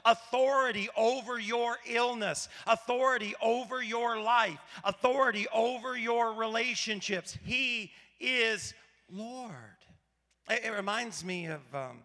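A pastor from Arkansas, preaching a sermon in a conversational, storytelling way and asking the audience rhetorical questions. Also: male voice, extremely high pitch, measured pace, bright, forceful tone, long reverb tail. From Arkansas, USA.

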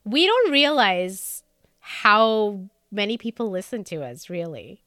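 An upbeat woman with an American accent co-hosts a casual podcast, chatting and laughing often. Her voice sits at a middle pitch. The recording is dry and close, with little room sound. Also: sing-song, takes it slowly, pushed and bright, no room sound. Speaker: podcast co-host.

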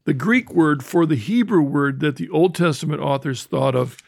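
An older man hosts a teaching talk with a slightly high, gravelly voice. He explains thoughtfully, restarts his phrases, and slows down for quotations. The sound is dry and close. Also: no echo. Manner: thoughtful, explains with restarts and quotes scripture slowly. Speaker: host.

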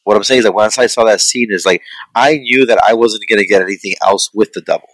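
A man in a casual chat about a film, talking in a rambling, profane, animated way. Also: on the low side, quick pace, dry recording, poor audio. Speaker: podcast co-host reviewing a film.

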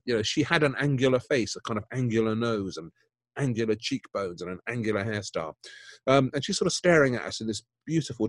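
A man's voice: mid-range voice, no echo. A man, co-hosting a podcast and talking eagerly about art, often repeating words as he gets carried away. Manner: enthusiastic, repeats words when excited. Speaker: podcast co-host. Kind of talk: casual chat about art.

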